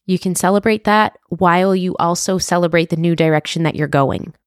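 A woman in her thirties hosting a solo podcast, talking earnestly and from the heart, with restarts and soft laughs. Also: fairly low pitch, fairly quick, smooth, no room sound, studio quality. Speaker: podcast host. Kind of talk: reflective solo podcast monologue.

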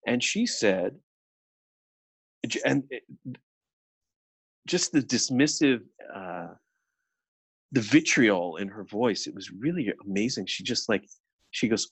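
A man's voice: fairly low pitch, slow pace, pauses often, breathy edge, no echo. Middle-aged man, podcast co-host, casual film talk, many restarts, dry close sound. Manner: animated, many restarts and quoted asides.

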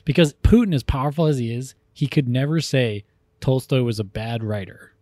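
Man, podcast co-host, animated, jokey, dry close-miked sound, medium pitch. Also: normal speed, no room sound. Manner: animated, jokey, talks over his partner. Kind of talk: casual comedic chat.

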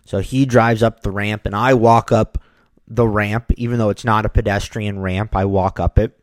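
A man with a fairly low voice tells a personal anecdote in a casual, animated way. He voices the people in his story. The sound is dry and close. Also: normal speed, dry recording.

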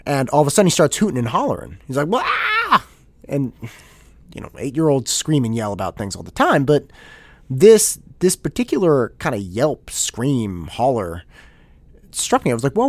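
A man in his thirties hosting a casual solo podcast, telling a story in an animated way with many restarts. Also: medium pitch, no echo. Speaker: podcast host.

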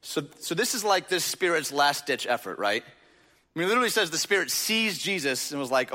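A man delivers a sermon in a loose, conversational way, throwing rhetorical questions at his listeners. His voice is bright and a little high. It rings with the long reverb of a large hall. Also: very animated, fairly quick. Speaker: pastor.

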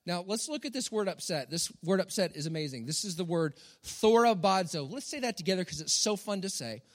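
A middle-aged man preaching a sermon with animated, dramatic storytelling and emphatic repetition. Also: sits high, fairly quick. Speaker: pastor. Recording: long hall reverb.

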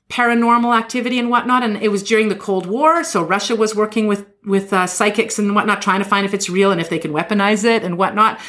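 A woman casually telling a story in conversation, animatedly acting out the people she quotes. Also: medium pitch. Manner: animated, acts out quoted people in lively voices.

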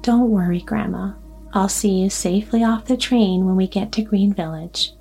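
A woman voicing a polite, mysterious man on a train, measured and reassuring, in a mellow voice over quiet music. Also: medium pitch, creaky, slightly rough. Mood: calm. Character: calm, courteous mysterious male stranger. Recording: soft music underneath.

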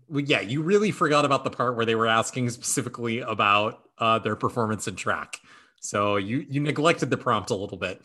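A man's voice: medium pitch, expressive, fairly quick, pushed and bright. A man hosting a podcast in casual chat, playfully reading party-game prompts aloud. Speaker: podcast host.

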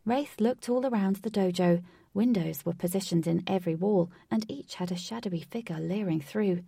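A woman's voice: on the low side, normal speed, creaky, dark tone, breathy edge, no room sound, studio quality, recorded from a distance. A woman narrating a fantasy story aloud, reading evenly.

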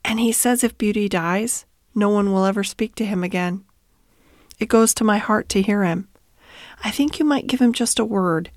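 A woman voicing a kindly male stable hand who speaks softly and coaxingly in a bedtime storybook reading. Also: medium pitch, normal speed, no room sound, studio quality, lightly acted. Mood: pleading. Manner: soft and coaxing. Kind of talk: storybook read-aloud.

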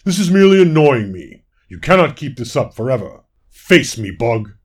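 A man voicing an arrogant, booming fawn lord in a storybook fable, loud and commanding. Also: very animated, normal speed, slightly rough. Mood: proud booming.

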